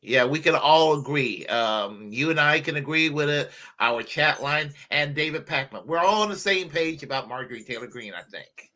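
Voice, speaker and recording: A man's voice: a little high, animated, normal speed, few pauses, bright, forceful tone. A man co-hosting a casual political chat, hesitant and full of restarts. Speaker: co-host.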